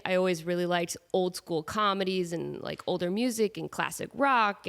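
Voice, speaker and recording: A woman's voice: medium pitch, a bit bright. A woman in her thirties with a nasal voice from a cold, hosting a casual solo podcast in a chatty, self-mocking way with rambling asides. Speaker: podcast host. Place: at home with her cat.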